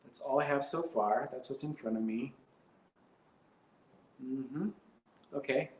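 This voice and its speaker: A man's voice: medium pitch, slow, a little mellow, a little hiss or hum. A man doing rambling, hesitant stand-up comedy on a live stream, full of fillers and absurd bits. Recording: roomy echo.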